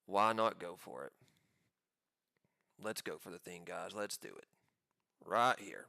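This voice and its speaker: A man giving live commentary on his own trades, pumped up and talking in quick excited bursts. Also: low-pitched, creaky, no echo, studio quality. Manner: hyped, pumped-up chatter with sudden bursts.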